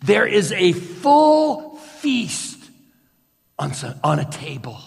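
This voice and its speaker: Man, pastor, sermon, slow unhurried delivery, bit higher pitched, loud then hushed. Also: wildly swooping pitch, vocal fry, in a large hall. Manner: slow guided storytelling, swinging between loud bursts and hushed near-whispers.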